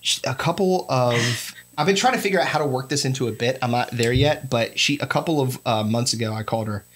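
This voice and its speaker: A man in his forties hosting a casual interview, telling stories in an animated, joking way. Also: medium pitch, a little fast. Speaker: podcast host.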